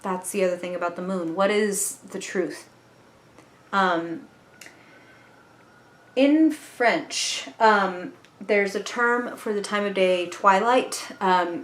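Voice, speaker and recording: A woman's voice: mid-range voice, slow pace, pauses often, a bit bright. A woman giving a casual spoken tarot reading, chatty and earnest, with the odd casual swear word. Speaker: tarot reader. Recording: echoey room.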